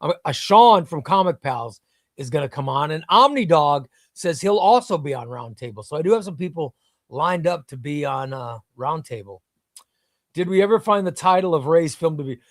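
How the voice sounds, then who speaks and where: Man, casual live-stream host, enthusiastic, rambling, slightly high voice, dry sound. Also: expressive, moderate pace, no room sound. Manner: enthusiastic, rambling, reads out chat. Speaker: host of a live comics show.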